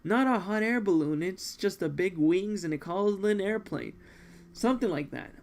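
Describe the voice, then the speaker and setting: A man voicing a brash, joking assassin in a manga read-along, talking in a loud, rowdy, teasing way. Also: high-pitched, animated, normal speed.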